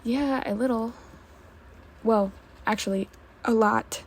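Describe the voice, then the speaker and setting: A woman reading the lines of a nervous young adult man, a gentle partner, in a soft, sheepish way. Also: on the high side, slow, husky, exaggerated voice.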